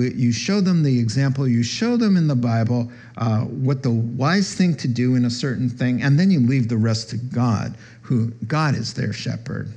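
This pastor's voice is gravelly, husky and somewhat dark. His sermon teaching feels conversational, and he performs the voices of those he quotes with a rising pitch.

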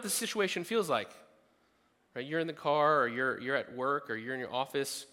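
Bright-voiced man preaching in a hall. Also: medium pitch, moderate pace. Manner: conversational, rising to emphatic peaks. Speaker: pastor. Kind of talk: sermon.

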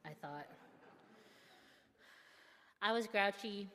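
A young woman seminary student telling a personal story in a candid, self-deprecating and expressive way. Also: mid-range voice, measured pace, long reverb tail, a little hiss or hum.

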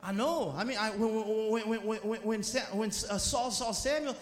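A man preaching a sermon in a church, fervent and often shouting. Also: high voice, moderate pace, echoey room.

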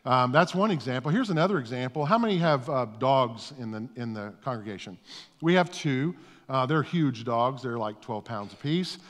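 The long reverb of a church hall surrounds this middle-aged male pastor in the sanctuary. His voice is medium-pitched, animated and fairly bright at normal speed as he gives a conversational, self-deprecating sermon, often repeating words as a thought begins.

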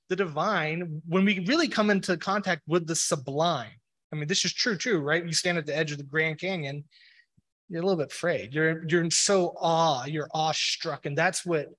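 A man's voice: a little high, moderate pace, fairly bright tone. A man giving a casual, rambling explanatory talk on religion, full of "you know" and "like" fillers. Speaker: speaker on a religious podcast.

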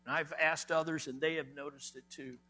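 A male pastor preaching a sermon, emphatic, rising loud on key words and dropping soft. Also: a little high, level tone, fairly quick.

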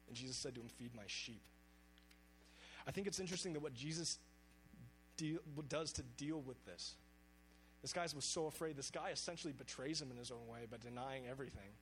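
Man preaching, earnest, scripture read with weight, slightly raised pitch, faint hum behind. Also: fairly bright tone, rough recording. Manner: earnest, reads scripture aloud with emphasis. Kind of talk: sermon.

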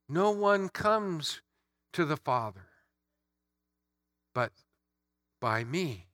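A man's voice: fairly high pitch, very animated, extremely slow, long pauses, sharp tone, no room sound, studio quality. A man preaching an Easter sermon, emphatic, building through repeated phrases.

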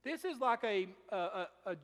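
Guy preaching, high voice, folksy, gets loud then soft, big reverby hall. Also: animated, normal speed. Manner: folksy preaching, rises and drops in volume for emphasis. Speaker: pastor. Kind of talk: sermon.

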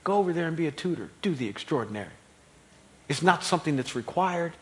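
Man, pastor, sermon, slightly high voice, quiet teaching rising to loud emphasis. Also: expressive, quick pace.

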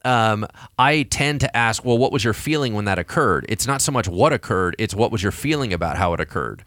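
A man who is a pastor and podcast co-host, telling stories in a casual, animated way, acting out quoted voices. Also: fairly low pitch, a little fast, no echo, clean studio sound. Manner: animated storyteller, acts out quoted voices, frequent restarts.

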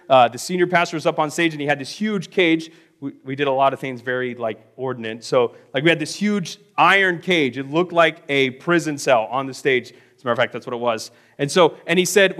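A middle-aged man preaches with a fairly high voice, telling his own story from the pulpit. He acts out the people he quotes and swings between loud bursts and hushed, quiet stretches. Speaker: pastor. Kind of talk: sermon with personal testimony.

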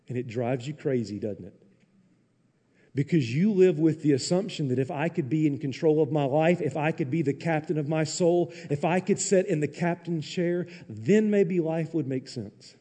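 A man preaching a sermon as a pastor, animated and sarcastic, acting out mock quotes in raised voices. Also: fairly high pitch, normal speed, husky, long reverb tail. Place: church.

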